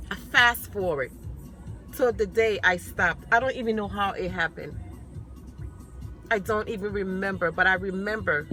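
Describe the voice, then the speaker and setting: A woman's voice: medium pitch, bright, forceful tone. A woman sharing her personal testimony with emphatic, repeated declarations, speaking of her faith and her sons. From New York.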